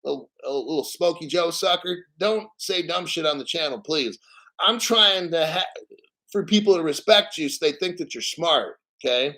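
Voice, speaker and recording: A brash man hosting a crypto vlog, swearing freely and cracking jokes between points. His voice sits a little high for a man, and he hammers home key words by slowing right down on them. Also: bright, forceful tone. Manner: brash and profane, jokey asides; emphatic, repeats words slowly. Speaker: crypto channel host. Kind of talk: casual crypto vlog commentary.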